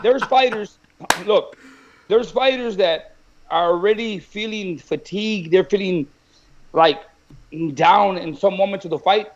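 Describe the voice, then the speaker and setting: A man who trains boxers, telling stories in a lively way in a casual chat, often restarting his sentences. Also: high-pitched, a little slow, dull audio. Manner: animated, tells stories with repeats and restarts. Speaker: boxing trainer.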